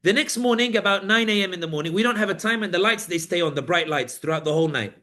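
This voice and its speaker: Man, guest journalist on a live panel, animated storyteller acting out quotes, fairly high voice. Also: fast. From Britain. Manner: vivid storytelling, acts out guards and inmates in quotes.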